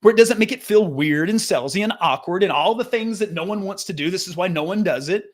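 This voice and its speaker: Earnest higher-voiced man coaching business. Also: fast. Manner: earnest, lively, acts out quoted voices, frequent restarts. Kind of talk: casual motivational talk to camera.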